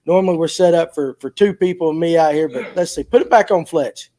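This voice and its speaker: High-voiced man hosting a casual show. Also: a little fast, warm tone. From Georgia, USA. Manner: loose, joking, fumbling through technical hiccups. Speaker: podcast host. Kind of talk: casual chat.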